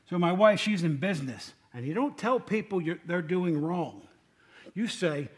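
A man's voice: sits high, normal speed. A man giving a casual, joking sermon to a congregation, often asking them questions. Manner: chatty, joking, asks the room questions. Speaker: lay preacher.

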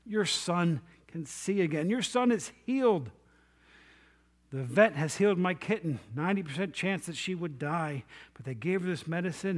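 A middle-aged man delivers a sermon as a pastor, retelling a Bible story with lively storytelling. His voice sits high for a man.

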